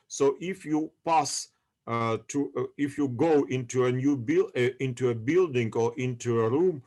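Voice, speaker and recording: A male university lecturer gives an online class over a video call. He speaks slowly and at a middling pitch, pausing often to hunt for English words. He keeps checking that his students follow him. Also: a little mellow. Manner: halting, searching for English words, many fillers.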